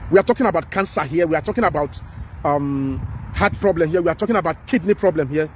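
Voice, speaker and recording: A man's voice: on the high side, quick pace, a little hiss or hum. A man with a Nigerian accent giving impassioned commentary, emphatic and repetitive, pleading with his listener. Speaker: social commentator.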